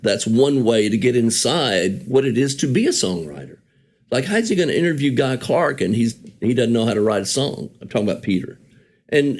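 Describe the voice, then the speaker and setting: A man's voice: mid-range voice, darkish tone. A songwriter telling stories about an old friend in an easygoing, rambling way, often correcting himself and chuckling as he talks. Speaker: songwriter guest remembering a friend. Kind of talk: conversational storytelling.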